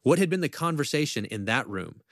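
A man's voice: mid-range voice, sing-song, fairly quick, fairly bright tone, dry recording, studio quality. A man, a professor and podcast guest, talking earnestly and reflectively in an interview and quoting scripture at length. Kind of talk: conversational interview talk.

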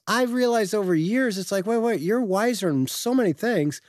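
A man's voice: high voice, brisk, no echo, studio quality. Storytelling male co-host. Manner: storytelling, animated. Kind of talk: casual chat.

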